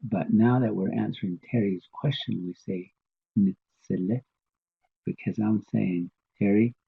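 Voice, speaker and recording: A man teaching a classroom lesson at an unhurried pace, repeating words again and again for practice. His voice is low and a little husky, and it comes through a thin, phone-like line. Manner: slow, patient, repeats words for drilling. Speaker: language teacher. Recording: tinny phone-like sound.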